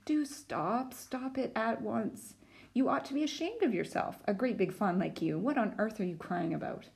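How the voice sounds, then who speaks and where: A woman's voice: animated, normal speed, creaky, darkish tone. A woman voicing a young girl who is earnest and distressed, reading a storybook aloud. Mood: scolding. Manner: pleading, urgent, high and breathless.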